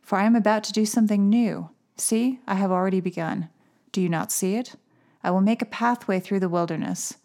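A woman speaks clearly and evenly in a mid-range voice. She reads scripture at a steady, measured pace, and her remarks in between are dry and wry. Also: medium pitch. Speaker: podcast host. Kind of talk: casual chat and scripture reading.

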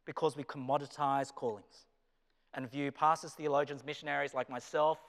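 Animated Australian man preaching in a hall. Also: normal speed. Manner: animated, swings from loud emphasis to low, quiet asides. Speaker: pastor and business teacher. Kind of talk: sermon. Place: chapel hall. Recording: reverberant chapel hall.

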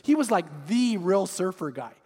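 Male pastor, sermon, animated storyteller, very high voice, long hall reverb. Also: normal speed, breathy edge. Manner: animated storytelling, repeats words.

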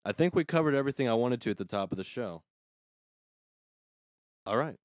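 A man hosting a casual comedy talk show, mid-pitched and sarcastic. He rants quickly and throws in asides. The sound is close and dry, with no room around it. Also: animated, no echo. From United States. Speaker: podcast host.

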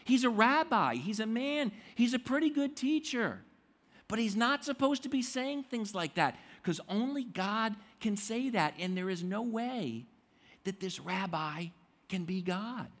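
A man's voice: high voice, lively intonation, a little slow, a bit bright, voice pushed up, exaggerated voice. A man voicing indignant religious teachers in a sermon, raising his voice in outrage. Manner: outraged, raised and insistent.

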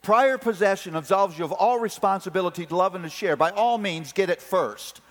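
Middle-aged male preacher, slightly high voice, storyteller, hall echo. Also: brisk. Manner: animated storytelling, acts out family voices. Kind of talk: sermon on parenting. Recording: long hall reverb.

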